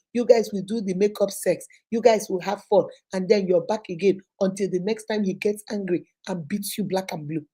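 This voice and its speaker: A woman's voice: medium pitch, mellow, husky. A middle-aged woman hosting a relationship advice talk, passionate and preachy, repeating lines for emphasis. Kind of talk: live advice talk to viewers.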